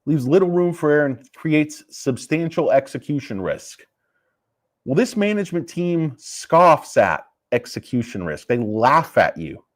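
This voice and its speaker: A man's voice: fairly high pitch, very animated, a little slow. A man ranting casually about a stock, combative and profane. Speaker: stock market commentator. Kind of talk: casual investing rant.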